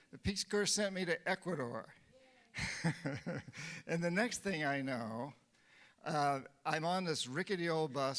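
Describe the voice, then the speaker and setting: A man's voice: a little high, fairly bright tone. A man in his seventies from New Hampshire giving a storytelling lecture at a conference. His humor is wry and self-deprecating, and he chuckles at his own jokes. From New Hampshire, USA. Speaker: conference speaker. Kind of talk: storytelling lecture to a live audience.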